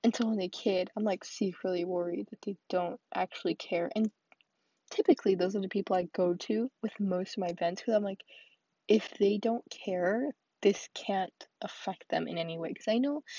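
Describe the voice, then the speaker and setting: Teen girl podcaster, husky and dry-sounding, rambling solo vent with re-enacted chats. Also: mid-range voice, no echo, muffled recording. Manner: rambling, quotes conversations with "I was like"; drops to soft whispers now and then. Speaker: podcast host. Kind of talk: solo venting monologue. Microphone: earphones with mic.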